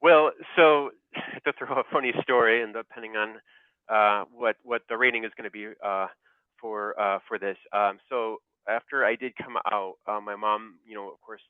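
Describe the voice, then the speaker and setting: A man talking over a tinny, phone-like line, the sound dry and close with no room around it. He tells his story haltingly, piling up fillers and restarts, with a laugh breaking in at the funny bits. He is a pharmacist guest on a casual interview. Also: on the low side, fairly even intonation, clean tone, dry recording.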